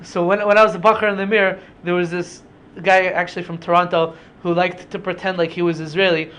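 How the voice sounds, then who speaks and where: High-voiced young man explaining scripture. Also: level tone, a little fast, a bit bright, clear, resonant tone. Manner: conversational explaining, mixing in Hebrew terms. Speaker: podcast host teaching Bible stories. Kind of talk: casual Torah study talk.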